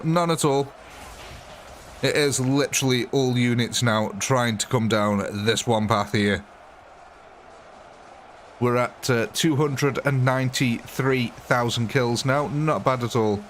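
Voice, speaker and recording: A man's voice: medium pitch, fairly even intonation, measured pace, fairly bright tone, slight background noise. A man livestreaming a game, chatting casually and rambling to his viewers, greeting them by name and laughing often. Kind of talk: casual live gameplay chat with viewers.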